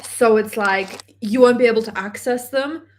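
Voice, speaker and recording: A woman manifestation coach on a live stream, reading chat comments aloud in an animated, gushing way and swearing casually from her home workspace. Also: fairly high pitch, normal speed, slight background noise.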